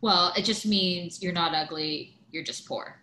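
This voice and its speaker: A woman's voice: on the low side, a little slow, sharp tone, echoey room. A woman in casual podcast chat, talking in a gossipy way with many fillers. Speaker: podcast guest.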